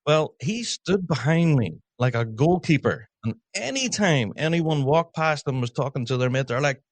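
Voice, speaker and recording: A man's voice: a little high, animated, no echo. Chatty male podcast host. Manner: chatty, laughs often, quick asides. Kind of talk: casual chat.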